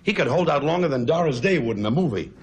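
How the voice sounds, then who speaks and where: A man's voice: on the high side, animated. A man from Brooklyn, firing off brash roast jokes on a noisy 1970s TV broadcast with an audience. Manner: brash, rapid-fire wisecracking. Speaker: comedian roaster.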